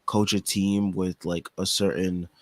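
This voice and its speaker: A young adult man co-hosting a casual sports podcast, speaking indignantly in halting, filler-heavy sentences. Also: low-pitched, little pitch movement, no echo. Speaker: podcast co-host.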